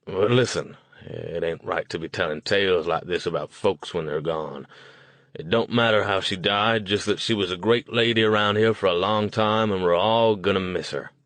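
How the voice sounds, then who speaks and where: A gruff, suspicious old motel keeper, read by a man, speaking bluntly in folksy rural talk. The voice sits very deep and is recorded dry and close, like an audiobook character voice. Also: normal speed, fairly bright tone, no echo.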